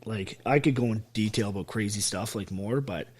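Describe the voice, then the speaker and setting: A husky man from Canada speaks in a fairly low voice as a podcast guest. He tells his life story bluntly, with hard swearing and driving intensity. An army veteran who never softens his words. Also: fairly quick. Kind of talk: raw personal storytelling in a podcast interview.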